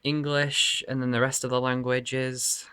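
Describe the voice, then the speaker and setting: A man's voice: mid-range voice, little pitch movement, unhurried, bright, forceful tone, clear, resonant tone, dry recording. A man rambling casually to camera in his bedroom about his game collection, laughing and swearing often. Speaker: video game collector showing his cases.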